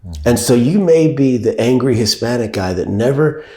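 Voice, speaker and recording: Older guy, dark mellow voice, slow thoughtful interview stories, livens up quoting folks. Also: medium pitch, reverberant. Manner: measured, thoughtful, animated when quoting. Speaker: actor and director, guest. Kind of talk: reflective interview storytelling.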